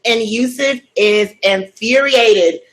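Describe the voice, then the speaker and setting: A woman's voice: on the high side, slow, poor audio. A woman hosting a cooking vlog, chatting as she recaps a story and acts out the quotes. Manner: chatty, with animated quoted voices.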